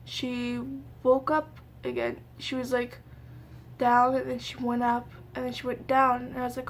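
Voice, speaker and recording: A woman's voice: fairly high pitch, little pitch movement, a little hiss or hum. Tearful young woman telling a sad story. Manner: halting, tearful retelling with many fillers. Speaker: vlogger. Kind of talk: emotional storytime vlog.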